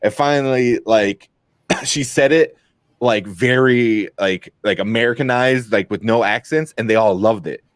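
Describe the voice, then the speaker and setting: A man co-hosting a casual movie review podcast, talking in a rambling, animated way and piling up fillers as he goes. His pitch sits in the middle range, and the room sound is dry and close. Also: measured pace, no room sound. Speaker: podcast co-host.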